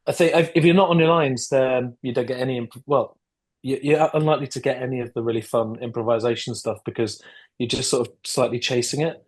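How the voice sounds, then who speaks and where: A man chats as a podcast guest over a video call, thinking aloud with hesitant restarts and the odd throat clear. His voice sits at a middle pitch for a man. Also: fairly even intonation, fairly quick. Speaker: guest filmmaker and actor. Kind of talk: casual interview chat.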